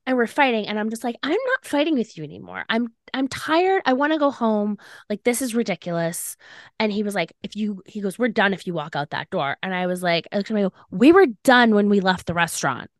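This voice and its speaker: A young podcast co-host with a mid-range voice talks fast in a dry, studio-quality recording. Her personal story is casual and animated, stuffed with "like" and acted-out quotations.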